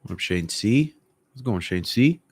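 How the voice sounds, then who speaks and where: A man who works as a fight coach, chatting casually on a livestream and answering viewer comments in a relaxed, profane way, often clearing his throat. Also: on the low side, moderate pace. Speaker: MMA coach. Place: room at home.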